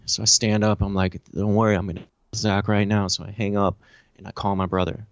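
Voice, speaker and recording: A man in an interview recounting a personal story, animated and profane, with lots of "you know" and "I'm like". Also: fairly low pitch, brisk, no room sound, lo-fi sound. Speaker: interview guest.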